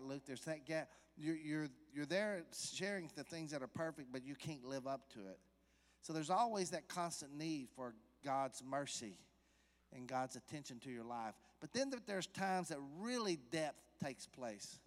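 A man preaching a sermon to a church congregation in a conversational way, putting questions to the listeners and rising to loud, emphatic peaks. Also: on the high side, big-room sound. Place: church sanctuary.

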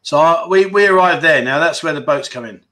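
A middle-aged man, talking on a relaxed livestream. His voice is bright and a little high, and his chat is upbeat and rambling. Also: brisk, slight background noise. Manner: chatty, enthusiastic, repeats words for emphasis. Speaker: livestream host. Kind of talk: casual livestream chat reading viewer comments.

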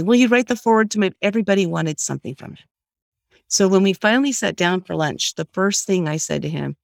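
A middle-aged woman tells a story as an interview guest. She talks in an animated way and puts on the voices of the people she quotes. The sound is dry and close, with no room echo. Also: on the low side. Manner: lively storyteller who acts out quoted voices.

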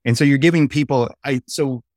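Male podcast guest, eager storyteller, middle pitch, dry sound, video call. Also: a little fast, dry recording. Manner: animated storyteller, eager and explanatory. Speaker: podcast guest, face-reading trainer. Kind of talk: casual interview chat. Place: home office with a bookshelf.

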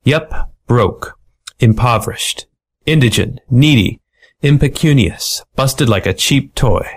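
A man voicing a small, sardonic male ferret private eye with a hardboiled, fast-talking manner. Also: medium pitch, lively intonation, breathy edge, heavily acted. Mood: wry.

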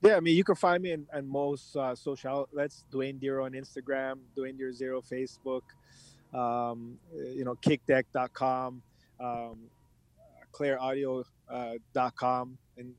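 Halting, reflective man in dry audio. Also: medium pitch, no echo. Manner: reflective, halting, many restarts, animated when imitating his father. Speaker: podcast guest. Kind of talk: candid conversational interview.

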